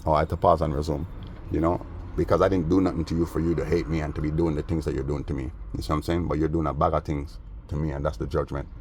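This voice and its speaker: A man's voice: a bass voice, little pitch movement, fast, a little mellow, a little hiss or hum. A man rambling through a story in casual street slang, aggrieved and agitated. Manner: streetwise, peppered with "man" and "bro". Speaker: vlogger.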